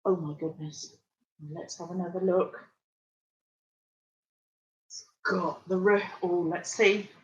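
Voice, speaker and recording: A woman's voice: on the low side, takes it slowly, long pauses, lo-fi sound. A woman reading a picture book to small children, full of gasps and questions to her listeners. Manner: animated, gasping, speaking straight to the children. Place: at home.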